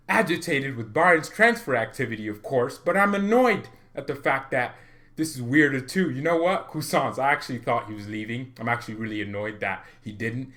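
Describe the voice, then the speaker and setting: A man vlogging as a football fan, ranting in a loud, playful, exaggerated way and jumping into comic asides. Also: mid-range voice. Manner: swings from mock-romantic murmur to loud excited ranting. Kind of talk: animated fan rant.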